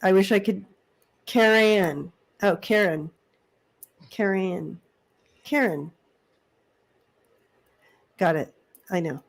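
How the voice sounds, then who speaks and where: A woman's voice: mid-range voice, slow, gravelly, pauses often. Chatty laughing woman host. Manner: chatty, laughs often, repeats words. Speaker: psychic reader, co-host. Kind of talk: casual live-stream chat.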